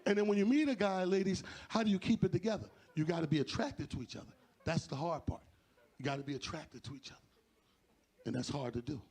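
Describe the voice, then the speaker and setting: A man's voice: a little high, fast talker, breathy edge. A man doing a stand-up comedy set on a club stage, acting out conversations in shifting voices. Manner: animated, acts out dialogue in shifting voices.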